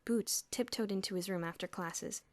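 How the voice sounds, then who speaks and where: A woman's voice: mid-range voice, normal speed, a little mellow, no echo. A woman narrating an audiobook expressively, with audible lip-smacking. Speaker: audiobook reader. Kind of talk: storybook narration. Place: home room with traffic nearby.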